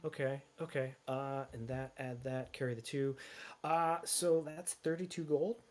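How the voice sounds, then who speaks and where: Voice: medium pitch, fairly even intonation, a little slow, natural voice. A game master voicing a flustered, cheerful female tea merchant who gushes and fusses, exclaiming often. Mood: fussy. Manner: gushing, fussy, exclaims often.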